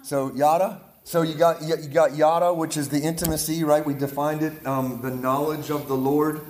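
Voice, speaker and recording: Pittsburgh-accented male guest preacher, energetic and repetitive, fairly high voice, echoey room with listeners answering. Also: normal speed. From Pittsburgh area, Pennsylvania. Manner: energetic, repeats words, checks in with "right?" and "amen?". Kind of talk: charismatic preaching to a leadership group. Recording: echoey room with audience responses. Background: audience responses.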